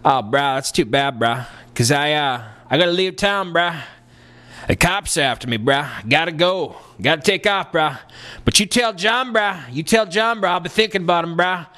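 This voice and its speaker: A friendly, laid-back Texan party guy drawls along, tacking "bruh" onto every phrase, as a man puts him on. The voice sits well above a normal speaking pitch and stays loose and cheerful. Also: normal speed, sharp tone. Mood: urgent, friendly.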